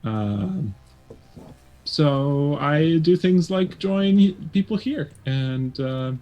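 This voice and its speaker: A man who is a guest player, chatting casually and bashfully, halting with frequent ums. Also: on the high side, lively intonation, dark tone, highs cut off. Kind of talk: casual stream chat.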